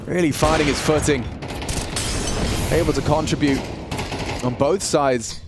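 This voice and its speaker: An excitable man calls a live esports match play by play, his voice jumping up whenever a big play lands. Game gunfire rattles clearly behind him throughout. His pitch sits in the middle for a man. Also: very noisy. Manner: excitable, quick to shout at big plays. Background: game gunfire and effects.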